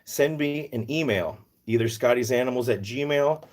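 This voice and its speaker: A medium-pitched man at normal speed hosts a casual live stream about rescue animals from Northern Virginia on the US East Coast. He rambles and jokes while replying aloud to what viewers write.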